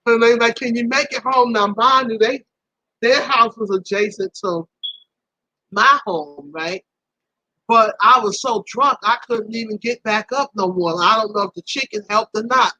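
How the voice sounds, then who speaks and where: Livestreaming, a woman shares a personal story at an unhurried pace, relaxed and lively, breaking into laughter as her voice leaps upward whenever things get embarrassing. The audio is rough and carries no room sound.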